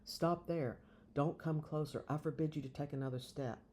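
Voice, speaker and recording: A man reading aloud voices a frightened young man hiding in a forest cave, calling out in urgent, pleading shouts. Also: on the high side, steady tone, moderate pace, a little hiss or hum, close to an everyday voice. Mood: panicked.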